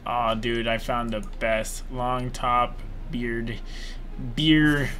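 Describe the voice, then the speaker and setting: A man's voice: medium pitch, fairly even intonation, very slow, a bit bright, faint music behind. A man streaming a game live, chatting casually, joking, swearing and laughing often.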